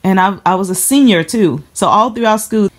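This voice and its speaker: A woman from the Chicago area giving a personal testimony to camera, earnest and halting, often repeating herself as she holds back emotion. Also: medium pitch.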